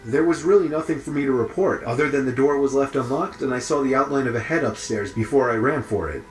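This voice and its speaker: A man reading a first-person horror story aloud in a steady, even way. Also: mid-range voice, fast talker. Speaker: story narrator. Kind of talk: scripted horror story narration. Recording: echoey with faint music behind.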